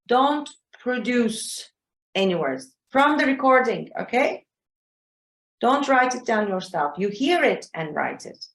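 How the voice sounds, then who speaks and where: A woman's voice: a little high, creaky. A woman exam trainer teaching a live online class over a video call, patient and often checking in with "okay?" and "yeah?". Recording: roomy echo.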